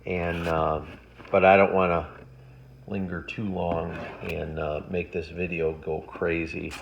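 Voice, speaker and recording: A man with a lowish voice talks casually to his viewers as he unboxes a haul. His delivery is rambling and conversational, and he keeps talking while he flips through each item. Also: little pitch movement, slow, creaky, muffled recording, noisy background. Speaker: comic collector vlogger.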